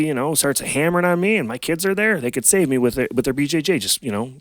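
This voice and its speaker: A man, a podcast guest, telling casual stories in an animated way, his voice jumping up when he quotes himself. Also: on the high side, fast talker, no echo, rough recording. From United States. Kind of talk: casual storytelling.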